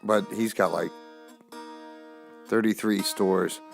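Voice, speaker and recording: Deep gravelly man rambling casually. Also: steady tone, slow, soft background music. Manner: rambling, loose, swears casually. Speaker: podcast host. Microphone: phone camera.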